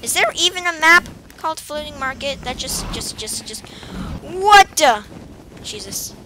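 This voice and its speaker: This gamer talks over her play in a high, lively voice with a sharp edge, moving a little slowly. Her casual, rambling commentary is full of giggles and playful beeps, with faint game music and slight background noise in the recording.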